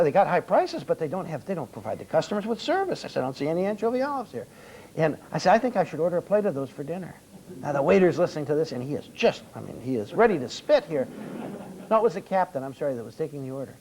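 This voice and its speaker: Brief: male seminar speaker, high-pitched, wry storyteller who acts out the dialogue. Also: darkish tone, a little hiss or hum, rough recording. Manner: storytelling, acting out quoted dialogue. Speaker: seminar speaker on restaurant service. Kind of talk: lecture with anecdotes.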